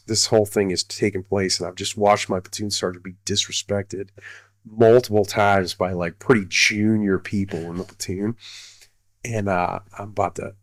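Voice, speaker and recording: A man's voice: fairly low pitch, no echo. A middle-aged man, a retired army colonel, telling a story casually, rambling with many fillers and restarts.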